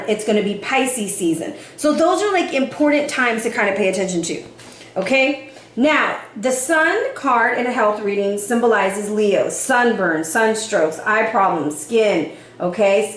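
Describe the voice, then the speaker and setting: A woman giving a casual tarot reading, animated and sassy, with casual swearing. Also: a little high, echoey room. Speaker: tarot reader.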